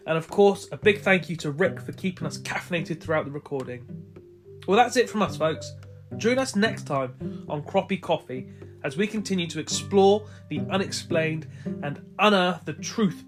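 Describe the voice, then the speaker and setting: A man hosting a podcast, hesitant with fillers in chat and smooth when reading his sign-off. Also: high-pitched. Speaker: podcast host. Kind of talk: casual chat and scripted sign-off.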